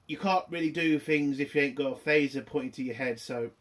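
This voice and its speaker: A young British man with a British accent talks through a TV episode in a loose, ranting way. He swears often and leans on fillers as he goes. His voice sits a little higher than most men's. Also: a little fast. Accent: British English. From Britain. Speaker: TV review host. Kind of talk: casual spoken review.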